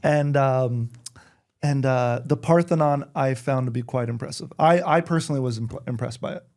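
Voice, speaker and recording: A man talking as a podcast guest in casual chat, telling lively stories and acting out the voices of people he quotes. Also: medium pitch, normal speed. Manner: animated storyteller, acts out quoted voices. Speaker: guest comedian.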